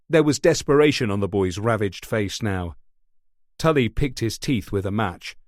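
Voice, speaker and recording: A man narrating a thriller audiobook in a steady, measured way. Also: on the low side, no room sound, clean studio sound. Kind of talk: scripted narration.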